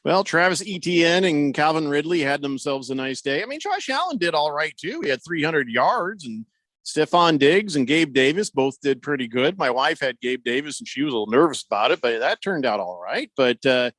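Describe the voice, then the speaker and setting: Man, sports radio host, rambling, jokey, high-ish, very animated pitch. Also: normal speed, no echo. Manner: rambling, jokey, lots of fillers. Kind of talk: casual sports talk. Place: radio studio.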